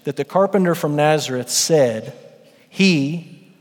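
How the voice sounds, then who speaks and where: A man's voice: a little high, takes it slowly. A man in his thirties preaching a sermon to his church, earnest and building to emphatic peaks. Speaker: pastor. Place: church sanctuary. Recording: long hall reverb.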